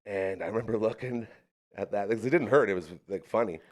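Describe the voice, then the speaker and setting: A man in casual storytelling chat on a live podcast, animated and acting out the people in his stories. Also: on the low side, brisk.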